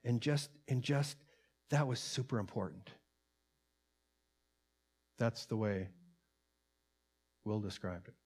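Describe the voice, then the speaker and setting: A man preaches in an earnest, plain-spoken way, his voice sitting at a middle pitch. He reads quoted lines aloud with more force and fills his own commentary with ums and restarts. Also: slow pace, pauses often, a little mellow. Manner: earnest, rising in volume on quotes, many fillers. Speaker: pastor. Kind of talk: sermon with read-aloud transcript.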